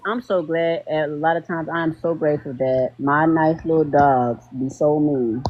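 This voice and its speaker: A man's voice: fairly high pitch, fairly even intonation, lo-fi sound. A man, hosting a podcast panel in loose, joking livestream banter. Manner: loose, joking, slangy, quick laughs.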